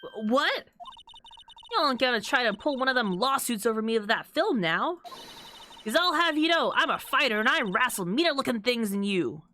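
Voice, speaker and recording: A woman's voice: fairly high pitch, animated, moderate pace, bright, forceful tone, a little hiss or hum. A woman voicing a brash, blustery Southern woman photographer with an exaggerated American Southern drawl. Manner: blustery, scolding. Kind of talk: reading game dialogue aloud.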